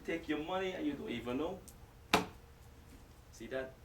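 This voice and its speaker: Before an audience in a lecture hall, a man delivers a lively Islamic sermon at normal speed in a fairly high, expressive voice, cracking jokes and speaking straight to listeners. The distant mic picks up hall echo and heavy background noise.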